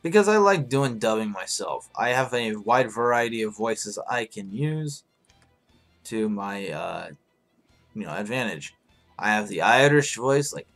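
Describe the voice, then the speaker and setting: A man hosting a live stream in casual chat, hoarse and rambling, swearing freely as he answers his viewers. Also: lowish voice, expressive, unhurried, a bit bright, faint music behind.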